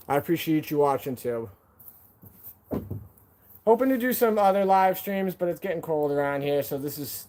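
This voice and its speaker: A man's voice: medium pitch, mellow. A man hosting a casual live stream from home. He talks to viewers in a laid-back, slangy way, calling them "man" and "dude".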